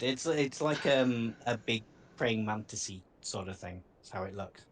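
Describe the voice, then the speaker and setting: A man running a tabletop game as game master, easygoing and quick to murmur acknowledgements. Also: fairly low pitch.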